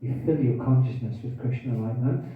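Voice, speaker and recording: A man's voice: mid-range voice, a little fast. A man giving a scripture class, quizzing the audience and repeating key phrases, with hiccups. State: has hiccups. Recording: tinny, distant, echoey room recording.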